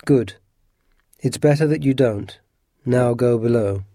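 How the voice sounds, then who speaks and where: A brooding, vengeful submarine captain, read by a man in a storybook, his voice mellow and dry. He turns icy and quiet or flares into furious shouting. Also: mid-range voice, unhurried, no echo. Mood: cold. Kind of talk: storybook reading.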